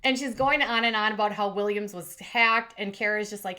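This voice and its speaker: A woman's voice: mid-range voice, fairly even intonation, fairly quick, sharp tone. A woman hosting a commentary channel, recapping reality TV in a chatty, opinionated way and acting out quotes in voices.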